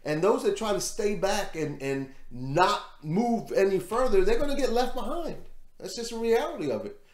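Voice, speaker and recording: A man's voice: high-pitched, big pitch swings, normal speed, roomy sound. A man giving casual, rambling commentary on a news story as host of his own show, repeating words as he goes. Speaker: vlog host.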